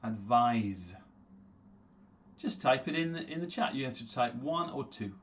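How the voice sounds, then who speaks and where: A man's voice: fairly high pitch, fairly bright tone, a little hiss or hum. Man teaching a live online English lesson. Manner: reads viewer names aloud from the chat and answers them; repeats words slowly for pronunciation drills.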